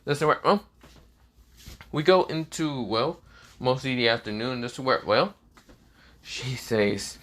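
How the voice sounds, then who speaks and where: A man's voice: mid-range voice, unhurried, pauses often, fairly bright tone, a little hiss or hum. A man retelling a fan story casually, rambling with many fillers.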